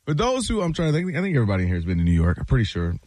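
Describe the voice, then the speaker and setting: A man's voice: mid-range voice, wildly swooping pitch, very fast, darkish tone, no room sound. A man hosting a casual sports talk show, talking expressively and mimicking people as he tells stories.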